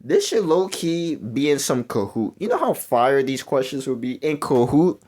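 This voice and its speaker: A man's voice: mid-range voice, normal speed. Rambling young man doing game commentary. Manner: rambling, self-correcting, swings between mumbling and excited outbursts. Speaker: gaming YouTuber. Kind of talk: casual commentary while playing a quiz game.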